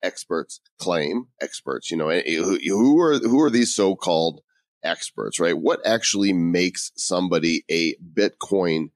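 Low voiced guy on a podcast, jokey, reads from articles, super dry sound. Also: lively intonation, a little slow, dry recording. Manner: joking, reads out article quotes. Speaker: podcast co-host. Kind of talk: casual podcast chat.

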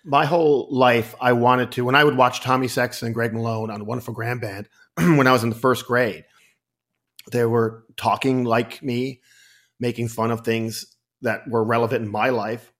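A man with a Newfoundland accent talks in an interview, animated and often correcting himself mid-sentence. His voice sits in an ordinary middle range. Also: medium pitch, moderate pace. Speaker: actor and comedian guest. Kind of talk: interview storytelling.

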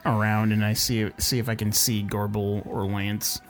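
A man's voice: lowish voice, flat delivery, moderate pace, faint music behind. A man playing a tabletop role-playing game, laying out plans decisively. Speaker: player. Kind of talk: casual tabletop game play.

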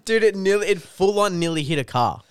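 A young Australian comedian, guesting on a podcast, tells a rambling, sweary story, saying "dude" constantly and laughing through it. His voice sits high and a little fast, with a clean tone on a dry, studio-quality recording.

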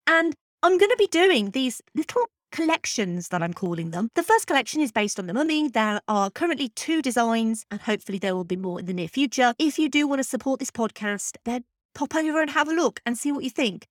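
This is a woman closing out her film podcast, with an eager, chatty manner and a touch of self-mockery. Her voice sits a little high. The recording is close and dry, from a podcast microphone. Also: sing-song, fairly quick, no room sound. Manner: chatty, enthusiastic, self-deprecating. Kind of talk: scripted podcast outro.

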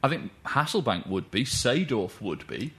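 A man, co-hosting a casual football podcast, animated and swearing freely. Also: medium pitch, moderate pace. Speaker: podcast co-host.

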